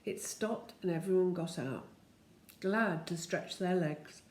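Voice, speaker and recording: A woman's voice: fairly low pitch, slow, darkish tone. Older woman, homely storybook reader with chatty asides, echoey room. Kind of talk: reading a children's book aloud.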